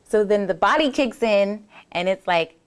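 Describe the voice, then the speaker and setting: A woman's voice: medium pitch, lively intonation, moderate pace, clear, resonant tone. Earnest woman musing on self-talk. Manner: earnest and conversational, acts out inner voices, many restarts. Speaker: bodywork therapist and podcast host. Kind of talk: reflective solo talk.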